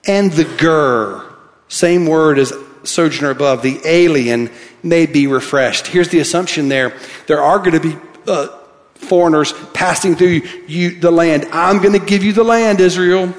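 A pastor preaching a sermon, reading scripture aloud and swinging from soft, quiet lines to emphatic ones. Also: male voice, a little high, normal speed. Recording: long hall reverb.

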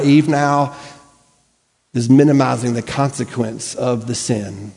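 A man's voice: medium pitch, level tone, a little slow, dark tone. A male pastor preaching a sermon earnestly, using rhetorical questions and emphatic repetition. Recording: long reverb of a large hall.

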